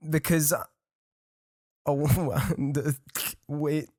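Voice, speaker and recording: A man's voice: fairly high pitch, extremely slow, dark tone, dry recording, clean studio sound. A young man in his twenties with a French accent, a native French speaker, telling a rambling, profane story in casual podcast chat with frequent laughs. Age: 20s. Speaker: podcast guest.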